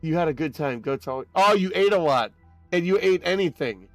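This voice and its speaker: A young man streaming a game, chatting casually with his audience in an excitable, rambling way with quick laughs. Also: on the high side, dry recording, faint music behind. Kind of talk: casual live-stream chat while gaming.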